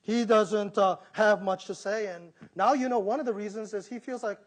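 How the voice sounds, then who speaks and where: A middle-aged pastor delivers a lively sermon in a fairly high voice for a man. He talks straight to his listeners and acts out the voices he quotes. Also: normal speed, hardly any pauses. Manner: animated preaching, acting out quoted voices.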